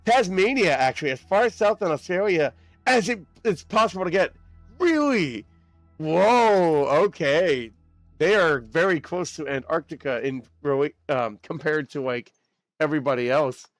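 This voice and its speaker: Excitable young man chatting on stream. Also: fairly high pitch, no echo, faint music behind. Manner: excitable, rambling, quick laughs. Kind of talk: casual live-stream chat while gaming.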